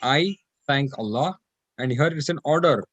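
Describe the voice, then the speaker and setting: A man's voice: mid-range voice, measured pace, a bit bright, no echo, rough recording. A man teaching an online class, explaining grammar patiently and repeating practice phrases aloud over a video call. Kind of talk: online Quranic Arabic class.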